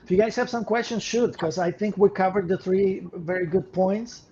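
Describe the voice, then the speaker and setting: A man's voice: sits high, normal speed, dark tone. Earnest man on a lo-fi podcast. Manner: earnest, repeats words when starting phrases. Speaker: podcast co-host. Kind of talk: casual podcast talk. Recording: dull lo-fi sound with faint noise.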